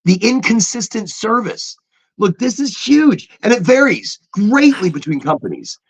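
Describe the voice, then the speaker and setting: A man's voice: high-pitched, big pitch swings, measured pace, husky. A man co-hosting a casual podcast, talking emphatically with repeated phrases and mimicking automated phone voices. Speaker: podcast co-host.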